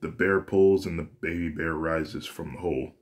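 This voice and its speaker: A man with a low, deep voice narrating a fan-made story in a relaxed, unpolished way. He often stops to restart a phrase and fix his own slips. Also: moderate pace. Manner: casual, with frequent restarts and self-corrections. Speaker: story reader. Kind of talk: casual reading of a fan story.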